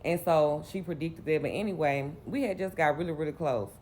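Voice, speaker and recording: A woman's voice: low-pitched, fairly quick, darkish tone, a little hiss or hum. Candid Southern woman telling her story. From Mississippi, US. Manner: candid, rambling, conversational. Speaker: vlogger. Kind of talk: personal storytelling.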